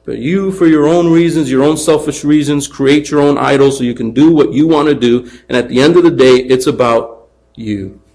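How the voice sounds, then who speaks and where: A man preaching a sermon, animated, acting out taunts in a raised voice and dropping quiet for emphasis. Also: medium pitch, moderate pace, low-quality recording. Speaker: pastor.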